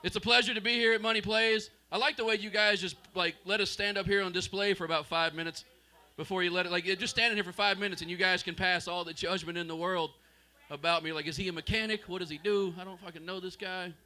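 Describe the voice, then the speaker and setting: High, bright-voiced Southern comic. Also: male voice, fast talker, hardly any pauses. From Mississippi, US South. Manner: profane, deadpan, teasing the crowd. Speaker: stand-up comic. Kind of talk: open-mic stand-up set. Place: small club stage.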